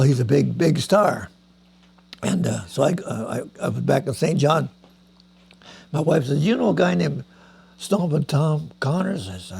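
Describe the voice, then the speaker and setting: A man's voice: on the high side, gravelly, slightly rough. A man, telling rambling stories as a veteran musician, stumbling over repeated words and coughing now and then. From Canada. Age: 90s. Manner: halting, repeats words, acts out quoted voices. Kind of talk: rambling anecdotal storytelling.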